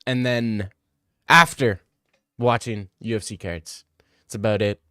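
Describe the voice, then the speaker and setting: A man's voice: on the low side, fairly even intonation, measured pace, sharp tone, smooth, dry recording, clean studio sound. A young man hosting a casual livestream Q&A, joking crudely and rambling in slang. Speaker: streamer answering chat questions.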